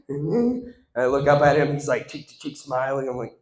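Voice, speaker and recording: Stand-up comic, man, tenor-ish, animated delivery, roomy stage sound. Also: fairly high pitch, normal speed. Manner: animated, shifts between loud crowd-work and hushed asides. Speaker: stand-up comedian. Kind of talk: stand-up comedy storytelling. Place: stage in front of a live audience. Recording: echoey room.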